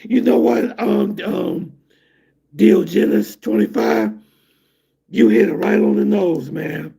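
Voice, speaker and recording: A vlogger reading chat comments talks casually on a live stream, rambling conversationally and reacting to viewers with drawn-out asides. His voice sits high and sing-song, mellow with vocal fry and a breathy edge.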